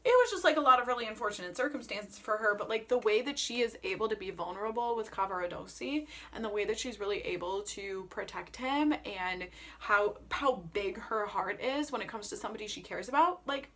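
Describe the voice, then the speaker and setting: A woman chatting casually as an Enneagram coach, animated and emphatic, with playful jokey asides. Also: mid-range voice. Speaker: Enneagram coach and opera vlogger. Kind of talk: casual vlog chat.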